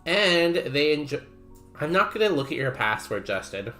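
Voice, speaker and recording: A man's voice: on the high side, very animated, moderate pace, sharp tone, faint music behind. A man streaming a game, chatting casually and rambling while he reads messages from chat aloud.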